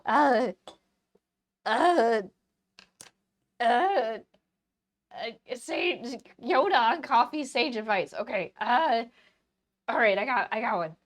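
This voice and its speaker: This is a cartoon frog wired on coffee, squeaky and loud, voiced by a woman in a silly put-on voice. It talks in excitable, bouncy bursts. The sound stays playful and goofy throughout. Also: takes it slowly, pauses often. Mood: giddy. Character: hyper over-caffeinated cartoon frog. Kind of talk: live-stream silly voice.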